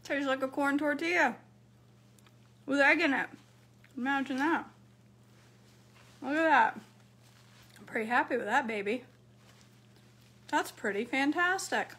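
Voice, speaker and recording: A woman's voice: high voice, a little slow, long pauses, fairly bright tone. A woman chatting to her viewers while cooking and eating, answering their comments. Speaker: cooking vlogger. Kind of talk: casual cooking vlog chat.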